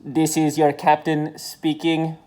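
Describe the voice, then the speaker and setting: A man voicing a male ship captain who makes a slow, formal announcement in a put-on thick Italian accent. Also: fairly high pitch, completely flat delivery, a little mellow, smooth, pitched above the performer's own voice. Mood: mock-official.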